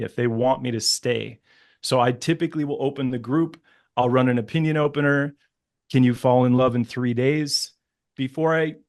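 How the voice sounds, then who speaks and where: A man, a dating coach on a panel, laying out his method step by step. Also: medium pitch. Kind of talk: panel discussion.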